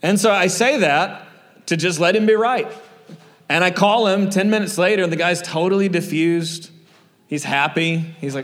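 A man's voice: sits high, normal speed, fairly bright tone, big-room sound. A man preaching a sermon in an earnest, conversational way, full of fillers and personal stories.

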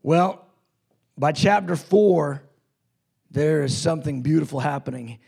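A male preacher delivers a passionate sermon. His voice sits high and has a gravelly edge, and he swings between loud declarations and soft, hushed stretches. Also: a little slow.

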